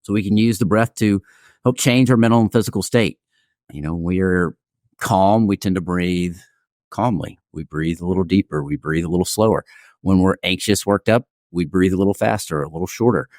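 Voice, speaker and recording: Calm deep-voiced male breathwork coach. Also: no echo, studio quality. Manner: calm, measured, explanatory. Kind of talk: interview answers.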